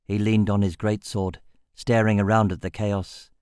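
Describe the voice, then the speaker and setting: A male audiobook narrator with a fairly low voice, reading fantasy prose in a steady, measured way. The recording is dry and close, with no room sound. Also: smooth, dry recording.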